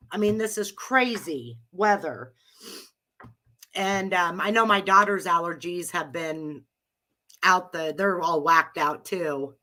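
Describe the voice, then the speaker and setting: A woman's voice: on the low side, slow, long pauses, bright, forceful tone. A middle-aged woman with a cold, hosting a live chat with listeners in a rambling, chatty way and laughing often. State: has a cold. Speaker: live audio room host.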